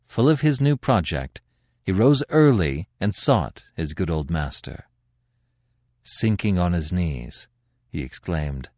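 A man hosting a podcast, narrating a classic tale in a dramatic, expressive reading with swelling emphasis. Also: low voice, takes it slowly, no room sound, clean studio sound.

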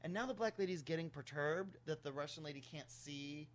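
Animated man telling a comic story. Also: fairly high pitch, brisk. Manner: animated, chatty, swears casually; acts out other people in the story. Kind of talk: comic storytelling, casual chat.

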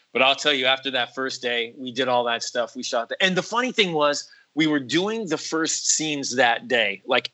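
A man telling a story in casual chat, animated and acting out quotes in other voices, with lots of "like" and "bro". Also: medium pitch, poor audio.

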